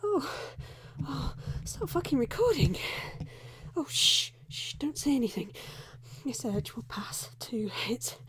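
A woman playing a flustered young undercover reporter in a whispered role-play, breathy and frantic, who keeps scolding herself and blurting curses. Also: on the high side, measured pace, bright, forceful tone, full character voice.

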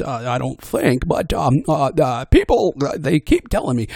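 A man rambling in a casual monologue about voicing audio posts, self-deprecating and hesitant, with many restarts and fillers, slipping into quick character voices when he quotes people. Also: mid-range voice, very animated, gravelly, darkish tone, dry recording, clean studio sound.

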